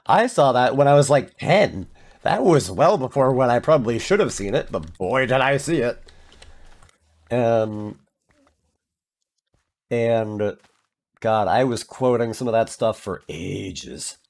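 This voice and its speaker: A man's voice: medium pitch, lively intonation, slow pace, pauses often, a little mellow. A man streaming and chatting casually, rambling with lots of filler words and restarts. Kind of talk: casual chat.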